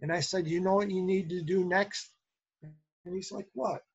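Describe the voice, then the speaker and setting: A man's voice: high voice, moderate pace, breathy edge, dull audio. A middle-aged man, a teacher, earnestly telling stories from the classroom in a casual interview. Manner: earnest, animated storyteller. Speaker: substitute teacher and guest.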